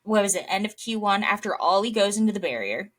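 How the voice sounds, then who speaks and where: A young woman co-hosts a podcast. Her pitch swings widely, and she delivers dry, sarcastic asides in a loose, conversational way. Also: fast. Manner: wry, expressive, sarcastic asides. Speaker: podcast co-host. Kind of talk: casual chat.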